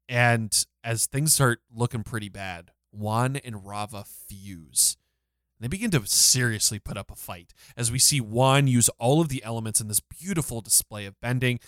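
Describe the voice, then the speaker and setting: A man's voice: medium pitch, a bit bright, no echo. A man co-hosting a podcast, retelling a scene in close detail with enthusiasm. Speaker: podcast co-host. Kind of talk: casual recap discussion.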